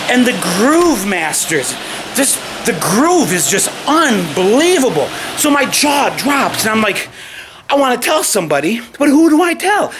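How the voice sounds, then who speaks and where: A man's voice: high-pitched, a bit bright, slight background noise. Profane man spinning a yarn. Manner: profane, emphatic, repeats and restarts. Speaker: storyteller. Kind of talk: casual spoken anecdote.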